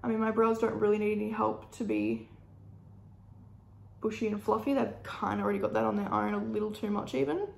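A young woman with an Australian accent and a croaky, hoarse voice, chatting casually and upbeat with lots of fillers while doing her makeup. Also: mid-range voice, lively intonation, fairly quick, a little mellow, echoey room. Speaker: beauty vlogger.

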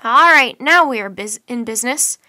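A woman reading a storybook and voicing a jumpy, excitable little one-eyed green male monster who chatters nervously. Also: high-pitched, moderate pace, full character voice. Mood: excited.

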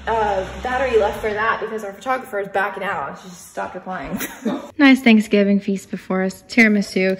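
A young woman in her twenties with a Texan accent, chatting excitedly to a handheld camera in a casual vlog. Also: mid-range voice, background noise. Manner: giggly, excited birthday chatter. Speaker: vlogger. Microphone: handheld camera and phone. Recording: loud music behind.

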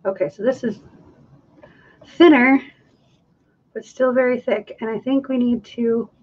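A woman's voice: fairly high pitch, fairly even intonation, unhurried. Chatty woman demonstrating crafts on a lo-fi stream. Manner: chatty, thinking aloud while stirring and counting. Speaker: acrylic pouring artist hosting a live stream. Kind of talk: casual live craft demonstration.

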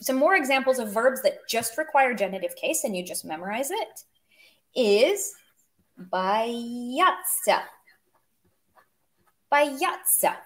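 A chatty woman with a fairly high voice teaches a casual online lesson. She explains grammar step by step and drops joking asides along the way. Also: lively intonation, moderate pace. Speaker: language teacher.

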